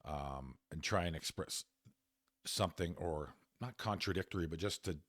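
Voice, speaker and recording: A man in his fifties co-hosting a podcast, telling a personal story in casual chat, animated and laughing as he goes, with the odd swear. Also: deep voice, normal speed, no room sound, clean studio sound. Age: 50s. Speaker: podcast co-host.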